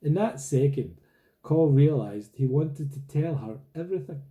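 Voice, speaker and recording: Male reader, very dark mellow tone, steady storytelling of a novel. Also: on the high side, a little slow, dull audio. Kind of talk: reading a novel aloud.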